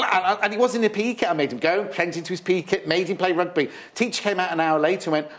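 Quick-paced and high-voiced, a middle-aged Englishman fronts a live TV shopping segment. His sales chat is playful, though he keeps tripping up and starting over.

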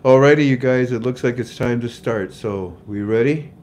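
An older man hosts a casual livestream in a mid-pitched voice. He sounds jovial and chatty, greets viewers one by one and chuckles at his own jokes. A faint hum sits behind him. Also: moderate pace, a little mellow. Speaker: livestream host. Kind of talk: casual livestream chat and prayer.

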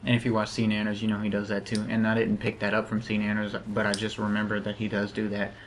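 Low-voiced guy with a lisp rambling over his game footage, lots of like and um, pretty flat. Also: quick pace, a little hiss or hum. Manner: rambling, many fillers and restarts. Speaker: gameplay commentator. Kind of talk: casual gameplay commentary.

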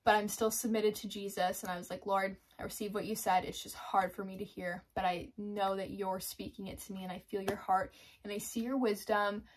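A woman's voice: medium pitch, level tone, brisk, a little hiss or hum. A woman giving a casual devotional talk, chatty, laughing often and acting out her own inner thoughts. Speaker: Christian devotional vlogger. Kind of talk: casual faith talk to camera.

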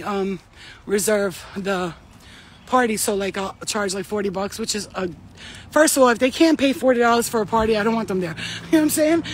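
A woman's voice: medium pitch, slight background noise. A woman chatting casually while walking her dog outdoors, blunt and profane and laughing often. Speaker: vlogger. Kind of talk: casual chat.

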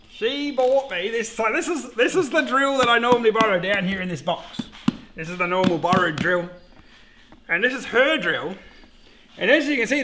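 A middle-aged Australian man hosting a beekeeping vlog, chatting casually in a jokey, excitable way and swearing freely. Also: very high-pitched. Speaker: beekeeper host.

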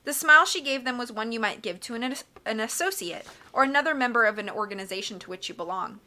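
A woman reading a children's storybook aloud, with lively, expressive narration and small slips that she corrects as she goes. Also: on the high side, quick pace. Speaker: audiobook reader.

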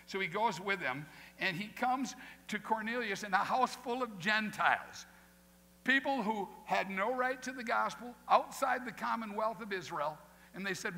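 A male pastor preaching a sermon with lively asides, acting out quoted voices. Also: sits high, moderate pace, creaky. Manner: animated, acts out quoted voices, folksy asides. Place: church sanctuary. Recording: long hall reverb, faint noise.

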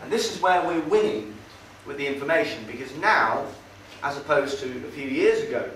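A man with an animated, fairly high and fairly bright voice speaks at normal speed, offering a sardonic, conversational talk to a meeting-hall audience with hesitant fillers. The recording is far from the mic in a roomy hall, faintly noisy.

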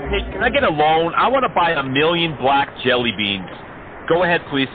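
Brief: high-pitched male prankster, mocking and profane, tinny phone audio. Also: animated, a little fast, background noise. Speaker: scam baiter.

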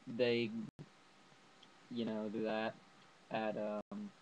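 A man's voice: fairly low pitch, completely flat delivery, extremely slow, darkish tone, a little hiss or hum, poor audio. Rambling young man reviewing a horror film. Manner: rambling, enthusiastic, many fillers like uh and like. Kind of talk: casual movie review vlog.

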